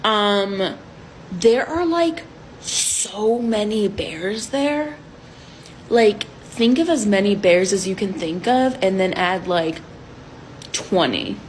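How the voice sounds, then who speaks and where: A woman's voice: medium pitch, lively intonation, slow, a little hiss or hum, rough recording. A woman playing an eager, dim young male delegate who rambles and halts with fillers.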